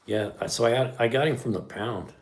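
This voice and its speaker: A man's voice: medium pitch, brisk. A middle-aged man hosting a podcast livestream, chatting casually and reading live comments in a laid-back way.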